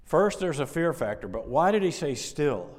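Very animated and at a moderate pace, a pastor preaches with emphasis, throwing rhetorical questions at his congregation and asking for an "amen." His voice is a little high and slightly mellow, with long hall reverb around it.

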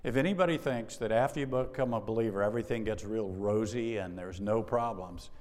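A man's voice: on the low side, fairly quick, a little mellow. A man preaching a sermon with emphasis, putting rhetorical questions to his congregation and asking for an "amen". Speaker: pastor. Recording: long hall reverb.

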